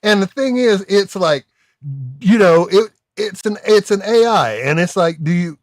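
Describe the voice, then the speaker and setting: A man hosting a live comedy stream, telling stories in animated, casual banter with quick laughs. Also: high-pitched, no room sound, studio quality.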